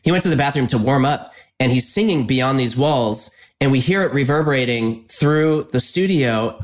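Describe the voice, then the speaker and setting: This man has an ordinary mid-range voice and tells his story with eager enthusiasm, acting out the quotes as he goes. He is a filmmaker guest in a relaxed interview chat. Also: medium pitch. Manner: enthusiastic anecdote teller, acts out quotes.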